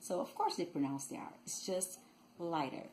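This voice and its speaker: A woman's voice: lowish voice, expressive, moderate pace, darkish tone, slight background noise, rough recording. A woman from Rio de Janeiro state with a Brazilian Portuguese accent, teaching a Portuguese lesson and carefully demonstrating pronunciations. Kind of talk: language lesson.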